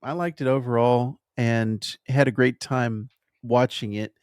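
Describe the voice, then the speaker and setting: A man hosting a podcast, chatting casually through a film review and pausing thoughtfully to find his words. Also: medium pitch, fairly even intonation, darkish tone, clean tone, no echo, clean studio sound. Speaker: podcast host.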